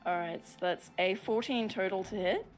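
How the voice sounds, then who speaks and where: A woman's voice: mid-range voice, normal speed, soft background music. A woman playing in a tabletop game, chatting casually and hesitantly with many "um" and "like" fillers. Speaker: player.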